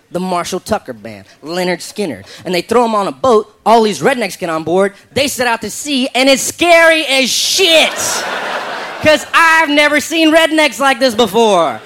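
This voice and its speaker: A man from South Carolina doing a stand-up comedy routine, telling the bit in a deadpan way and slipping into drawled impressions. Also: high voice, normal speed.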